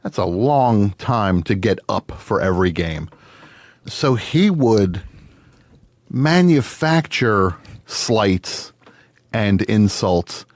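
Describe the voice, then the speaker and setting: Lively low-voiced man telling stories. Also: slow pace, no room sound, clean studio sound. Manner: animated, acts out voices in stories. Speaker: podcast guest. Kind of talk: casual conversation.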